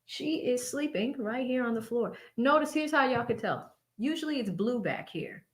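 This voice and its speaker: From a home studio lit with blue backlight, a woman hosts a casual livestream, reading superchats aloud, thanking viewers by name, and laughing often. Her voice is fairly high with lively intonation and a moderate pace.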